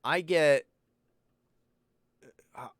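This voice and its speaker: Blunt, foul-mouthed man with a fairly high voice. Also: extremely slow, a bit bright, no echo, clean studio sound. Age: adult parent. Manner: profane, rambling, blunt. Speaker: host answering viewer questions. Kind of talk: casual live-stream Q&A chat.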